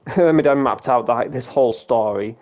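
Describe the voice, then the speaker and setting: A man's voice: medium pitch, measured pace, darkish tone. A British man streaming a game, telling a rambling story in a casual way, with frequent restarts and some swearing.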